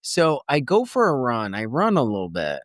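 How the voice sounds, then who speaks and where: In clean studio sound with no echo, a coach in his fifties who used to be a nurse recounts a personal story for a podcast interview. His mid-range voice moves at a normal speed as he chats loosely and animatedly, frequently restarting and voicing others' words.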